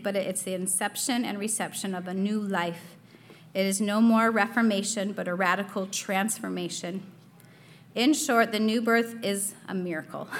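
A woman's voice: mid-range voice, fairly bright tone. A young adult woman giving a casual devotional talk, earnest, reading quotations aloud with frequent fillers.

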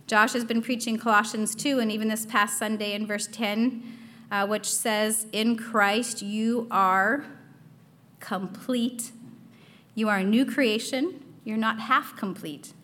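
A woman's voice: on the high side, steady tone, moderate pace, a bit bright. A young adult woman giving a casual devotional talk, earnest, reading quotations aloud with frequent fillers.

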